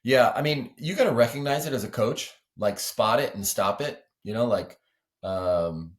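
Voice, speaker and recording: A man's voice: mid-range voice, lively intonation, normal speed. A man, a weightlifting coach, speaking as a podcast guest in casual, earnest conversation, explaining with many 'like' and 'you know' asides.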